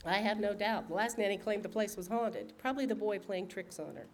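A woman's voice: medium pitch, brisk, a little hiss or hum, lightly acted. Woman doing a businesslike ex-husband, clipped, dismissive, audiobook reading. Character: curt businesslike male ex-husband, lawyer.

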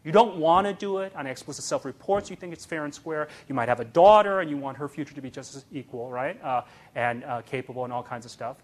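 A man giving a public lecture in an animated, emphatic way, often tagging points with "right?" and filling pauses with "uh". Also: a little high. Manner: animated, emphatic, frequent "right?" tags and fillers. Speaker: speaker giving a public talk. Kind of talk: lecture with audience.

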